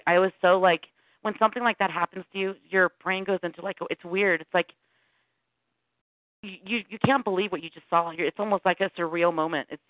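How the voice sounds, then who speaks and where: A middle-aged woman, a guest on a call-in interview, recounting a personal encounter in an animated way and acting out what people said. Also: fairly low pitch, no room sound. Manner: animated storytelling with quoted dialogue. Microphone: phone call. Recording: tinny phone line.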